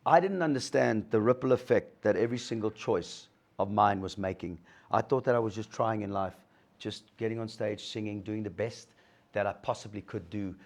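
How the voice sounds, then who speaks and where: A man's voice: lowish voice, moderate pace, vocal fry. A middle-aged man gives a motivational talk to an audience, telling his story and acting out the dialogue. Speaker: guest speaker sharing a recovery story.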